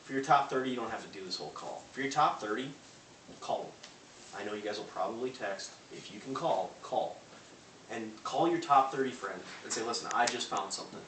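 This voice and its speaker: Fast, punchy man in an echoey hall. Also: mid-range voice. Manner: loud, punchy, acts out phone calls. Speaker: motivational speaker. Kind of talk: energetic sales pep talk to an audience. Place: large room before a live audience. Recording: echoey hall from far off, faint noise.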